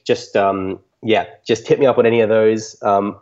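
A man's voice: fairly low pitch, steady tone, normal speed, darkish tone, highs cut off. A man being interviewed on a podcast, answering reflectively with many ums and restarts. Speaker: music podcaster, guest.

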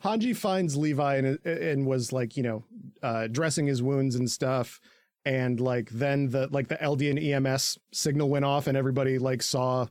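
A man co-hosting a podcast, recapping an anime in casual, profane chat, laughing often and jumping into squeaky character voices. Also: normal speed, darkish tone, dry recording, studio quality.

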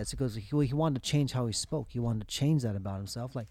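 A man's voice: mid-range voice, quick pace, a little mellow, no echo. A man co-hosting a podcast, talking casually and thinking aloud with lots of fillers. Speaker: podcast co-host.

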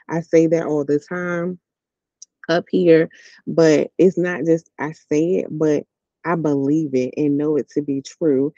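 A man's voice: fairly high pitch, steady tone, unhurried, mellow, dry recording. A man hosting a podcast, reading scripture and giving a devotional reflection in an earnest, encouraging way, repeating key words for emphasis. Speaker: podcast host. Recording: dull lo-fi recording.

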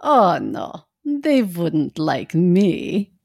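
A woman voicing a cold, insolent male stranger who speaks in a smooth, haughty way. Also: fairly low pitch, huge pitch swings, drawn-out words, a little mellow, no echo, studio quality, pitched below the performer's own voice, exaggerated voice.

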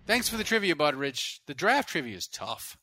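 A man's voice: a little high, big pitch swings, bright, forceful tone, no room sound. A man hosting a sports podcast who steers the show and cracks jokes. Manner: brisk, directs the show, wisecracking. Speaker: podcast host. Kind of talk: casual sports podcast chat.

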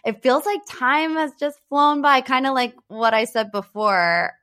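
Bright-voiced young woman podcast host. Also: high voice, unhurried, smooth. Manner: teasing, animated, laughs often. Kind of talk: casual chat.

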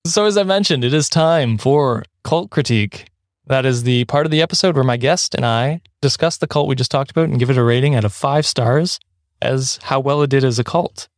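A man's voice: mid-range voice, brisk, no room sound, studio quality. A man hosting a podcast, talking casually and rambling a little, often correcting himself and laughing along the way. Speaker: podcast host.

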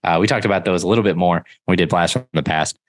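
Male podcast co-host, low voice, loose and chatty with fillers. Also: rapid-fire. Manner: rambling, filler-heavy, loud bursts when quoting yells. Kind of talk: casual chat.

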